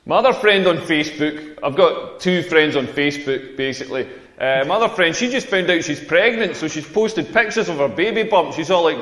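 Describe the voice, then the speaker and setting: A man's voice: on the high side, lively intonation, brisk, a bit bright. A Scottish man in his forties from rural Scotland, performing a crude, mocking stand-up comedy set on a club stage. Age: 40s. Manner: brash, crude, mocking delivery. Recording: roomy club with long reverb.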